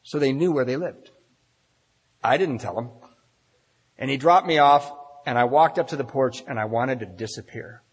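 A man's voice: medium pitch, normal speed, pauses often, breathy edge, long reverb tail. A man giving a talk at a recovery meeting, telling his story to a large audience and acting out the voices of the people in it. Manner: animated storyteller, acts out voices.

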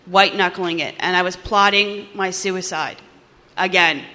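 A woman from New Jersey giving personal testimony at a recovery meeting, animated and acting out the voices in her story. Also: fairly low pitch, measured pace. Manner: animated storytelling, acts out dialogue, laughs often.

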